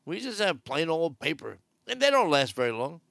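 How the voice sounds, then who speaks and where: A man's voice: a little high, big pitch swings, moderate pace, creaky, fairly bright tone, no room sound, clean studio sound. A man giving casual, wry cruise news commentary from aboard a ship, joking sarcastically. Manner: chatty and wry, jokes sarcastically.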